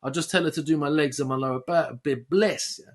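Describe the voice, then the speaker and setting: A young man, his voice pitched high for a man. He tells a story animatedly on a casual podcast, swearing freely and slipping into quoted voices. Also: fairly quick, a little hiss or hum. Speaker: podcast co-host.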